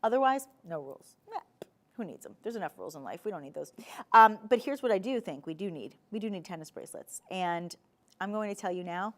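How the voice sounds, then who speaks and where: A woman with a New Jersey accent hosting a live TV shopping show, pitching jewelry in a chatty, animated sales patter. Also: brisk. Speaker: shopping channel host. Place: TV studio.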